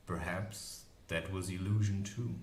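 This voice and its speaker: A man narrating a fantasy novel aloud in an expressive, lively storytelling manner. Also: low-pitched, unhurried, slight background noise. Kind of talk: audiobook reading of a fantasy novel. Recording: echoey room recording with faint ambience.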